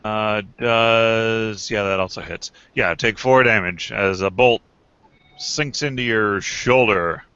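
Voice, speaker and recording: A man's voice: on the low side, takes it slowly, sharp tone, clear, resonant tone, no echo. A man narrating as game master of a tabletop game, casual and hesitant. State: talking with food in his mouth. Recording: dull lo-fi recording.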